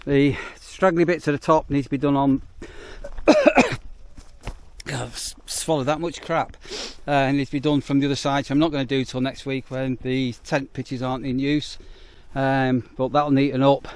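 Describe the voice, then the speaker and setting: In a casual outdoor work vlog, a British campsite warden speaks at a moderate pace in a clear, resonant mid-range voice with little pitch movement. He rambles with frequent ums and sounds winded.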